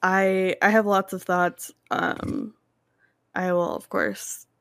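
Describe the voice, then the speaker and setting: A woman on a video call chats in a measured, thoughtful way and is mildly critical. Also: mid-range voice, level tone, creaky, no room sound. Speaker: podcast panelist. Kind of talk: casual chat.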